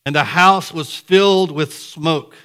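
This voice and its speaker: A man preaching a conversational sermon to a church congregation, lively, with sudden loud bursts. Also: fairly high pitch, slow pace, clean tone. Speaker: pastor. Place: church sanctuary.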